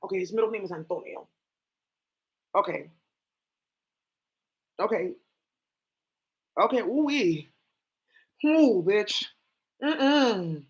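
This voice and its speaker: A woman hosting a tarot stream in a loose, rambling rant. She talks bluntly and profanely with lots of animation, asks questions out loud and answers herself. Her voice sits at a middle pitch for a woman. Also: lively intonation, slow, long pauses. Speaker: tarot livestream host. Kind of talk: casual ranting monologue.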